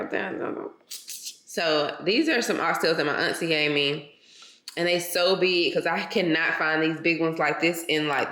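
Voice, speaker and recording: Freshly out of bed, a young woman vlogger chats casually to camera while cooking and unboxing items in her home kitchen. Her low, slightly bright voice sounds roomy, and she calls viewers "y'all" and "girl" in loose, casual grammar.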